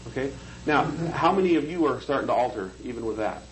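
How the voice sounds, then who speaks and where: A man's voice: mid-range voice, expressive, fast, slight background noise, poor audio. A man teaching a hypnosis seminar, lecturing conversationally and checking in with the room. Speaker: hypnosis trainer.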